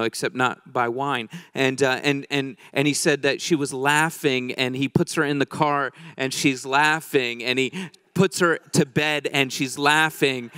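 A man's voice: medium pitch, fairly bright tone, smooth, no room sound, studio quality. A middle-aged man preaching a sermon, telling a story in a casual, joking way with many restarts.

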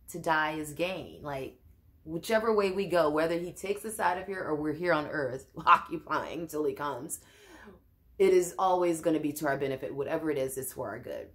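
A woman teaching a Bible study in an informal, conversational way, often restarting and adding asides. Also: low voice.

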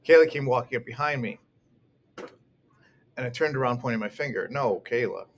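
A man's voice: mid-range voice, normal speed, slight background noise. A man reading a first-person novel aloud as an audiobook narrator, telling it expressively with occasional restarts.

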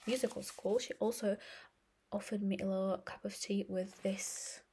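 A woman in soft-spoken ASMR role-play, chatty and affectionate, rambling as she talks, recorded close to the mic. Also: medium pitch, little pitch movement, moderate pace, breathy edge. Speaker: ASMR creator.

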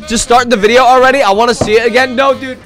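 A man's voice: very high voice, steady tone, fast, a bit bright, faint music behind. A man live-streaming and chatting with his viewers, greeting them by name and playing up mock shock with sarcastic exaggeration. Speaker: livestreamer. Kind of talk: casual live-stream chat.

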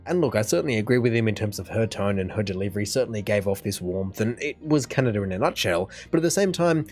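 A man's voice: lowish voice, animated, fast talker, darkish tone, soft background music. A man with an Australian accent, hosting a reaction video and giving long, opinionated casual commentary. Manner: chatty, opinionated, talks at length.

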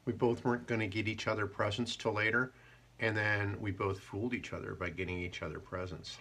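A man hosting a live haiku show, chatting casually and joking, and reading poems slowly. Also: lowish voice, level tone, gravelly, bright, forceful tone, breathy edge. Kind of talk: casual live-stream chat.

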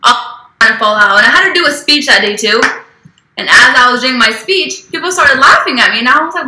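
A woman vlogger chats through fan questions, telling stories and swearing casually. Her voice is very bright and a bit high. The clip comes from an old vlog recorded in an echoey room. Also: animated, a little fast, slight background noise. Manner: chatty, swears freely, tells anecdotes.

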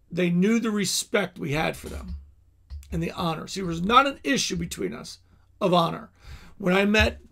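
A man's voice: high voice, creaky. A middle-aged male pastor giving a candid teaching talk, telling personal stories with frequent asides and restarts.

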